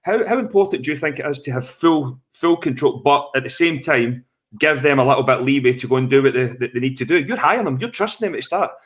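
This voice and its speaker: Man, Scottish accent, podcast co-host, halting repetitive questions, mid-range voice. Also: medium pitch. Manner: stammering, repeats words while framing questions. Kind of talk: casual interview chat.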